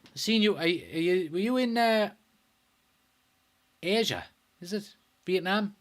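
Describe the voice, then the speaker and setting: Reading viewer comments and swearing often, this young watchalong host reacts with excitement to a live football match. His voice sits high and his delivery is a little slow.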